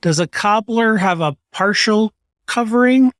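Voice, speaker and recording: A man hosting a podcast interview, playful and teasing, with quick asides. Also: high-pitched, a bit bright, dry recording. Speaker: podcast host. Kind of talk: casual interview chat. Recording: dry, close sound.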